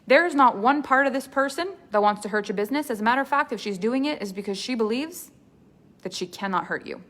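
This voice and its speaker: A woman's voice: a little high, expressive, fast talker, fairly bright tone. Earnest, emphatic woman coach. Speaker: business coach. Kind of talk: coaching masterclass talk.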